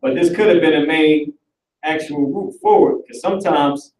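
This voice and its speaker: A man teaching an online Hebrew class in a casual, animated way, talking aloud as he works through the screen. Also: fairly high pitch, normal speed. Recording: roomy recording from far off the mic.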